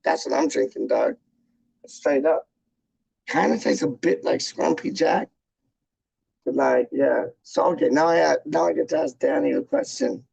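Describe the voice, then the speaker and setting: A man with a heavily gravelly voice talks slowly and loosely, dropping slang as he answers viewers' questions. The sound is dry and close. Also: fairly high pitch, a little mellow, no room sound, low-quality recording. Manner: slangy, laid-back, says "dog" and "straight up". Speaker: vlogger answering chat questions. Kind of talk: casual live-stream chat.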